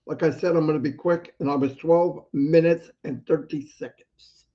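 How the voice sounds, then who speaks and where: A man speaking as a host, giving urgent and pleading advice with quick asides. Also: on the high side, fairly even intonation, muffled recording. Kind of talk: motivational talk.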